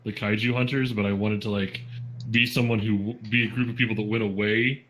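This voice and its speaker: A man's voice: on the low side, level tone, fairly quick, fairly bright tone, low-quality recording. A man playing a tabletop game in casual chat, rambling with many fillers and restarts. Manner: rambling, full of likes and restarts.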